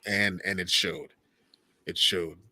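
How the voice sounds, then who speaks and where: A man in his forties co-hosting a podcast, chatting casually and joking, acting out quotes in loud voices. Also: low-pitched, takes it slowly, no echo. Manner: animated, jokey, acts out quotes in loud voices. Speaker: podcast co-host. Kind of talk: casual chat.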